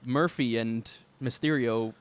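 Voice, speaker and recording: A man of ordinary pitch chats on a podcast with eager energy, often breaking into laughs. He talks in quick bursts when excited. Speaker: podcast co-host. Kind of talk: casual podcast chat about wrestling.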